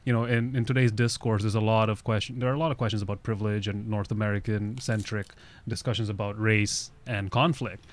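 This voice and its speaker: A man's voice: on the low side, fairly even intonation, fairly quick. Man, podcast host, from russia, casual rambling chat, filler-heavy. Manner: conversational, loose, many "you know" fillers.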